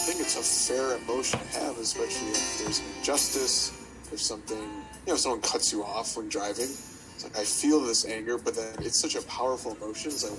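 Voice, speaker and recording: A man's voice: lowish voice, low-quality recording. A man, a priest co-hosting a casual podcast, who talks in an easygoing, reflective way and thinks aloud with lots of fillers. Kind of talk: casual chat. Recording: music clearly playing behind.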